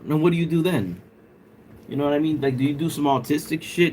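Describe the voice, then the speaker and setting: A man's voice: fairly high pitch, lively intonation, fast, a little mellow. Joking man chatting on a livestream. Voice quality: bald. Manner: joking, laughs often, mimics a British accent. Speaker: livestream host. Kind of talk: casual livestream chat reading viewer comments.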